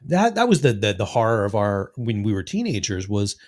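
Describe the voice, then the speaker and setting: A man in his sixties hosts a podcast, chatting casually and telling lengthy, profanity-laced stories where he performs other people's lines. He speaks briskly in a fairly low, a little mellow voice with a sing-song lilt.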